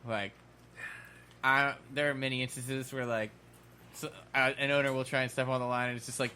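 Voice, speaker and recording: A man talks in a relaxed, reflective way, with a bright, sharp edge to his voice. His pitch is mid-range, and a faint hiss of noise sits behind him. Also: moderate pace. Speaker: podcast co-host. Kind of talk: casual chat.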